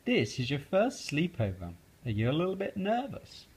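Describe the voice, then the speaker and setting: A patient mother frog calls out to her son in a storybook read-aloud, voiced by a man. The voice goes up high and swoops, fond but firm, with a husky grain. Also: huge pitch swings, moderate pace, full character voice. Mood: calling. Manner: calling out loudly, fond and firm.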